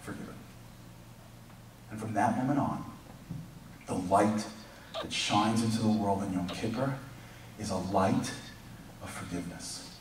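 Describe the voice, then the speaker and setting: A man giving a lively inspirational talk to a congregation, swinging from loud to hushed, heard in an echoey hall from a distance. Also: lowish voice, measured pace, pauses often, slight background noise. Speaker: guest speaker.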